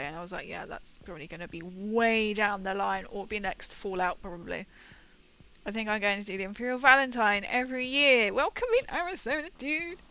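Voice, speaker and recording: A woman's voice: medium pitch, pushed and bright, clean tone, lo-fi sound. A young woman chatting casually and rambling through a story while she paints on a livestream.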